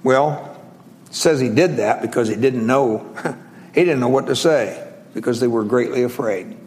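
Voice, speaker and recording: A man preaching a sermon in a conversational, halting way, with frequent pauses and restarts, slowing down to stress scripture phrases. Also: medium pitch, a little mellow.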